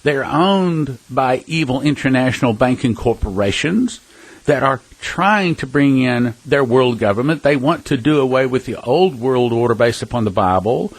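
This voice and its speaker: A man's voice: medium pitch, lively intonation, normal speed, slightly rough, dry recording, low-quality recording. A man giving an earnest, emphatic preaching talk, telling personal stories and addressing listeners as brothers and sisters. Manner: earnest, emphatic, with scattered restarts and chuckles. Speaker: prophecy ministry speaker.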